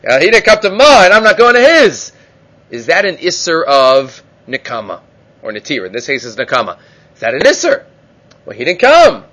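A man with a notably high voice leads a Talmud class. He explains and retells stories animatedly, weaving in Hebrew and Aramaic terms with quick asides and fillers. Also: fairly bright tone. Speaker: Talmud teacher giving a daily class. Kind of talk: Talmud lecture with storytelling.

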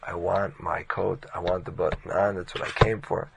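A man's voice: low-pitched, little pitch movement, normal speed, gravelly, very noisy. A man playing a stubborn, fiery rabbi. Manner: stubborn, preaching with rising intensity. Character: stubborn devout male rabbi, unshakable and fiery.

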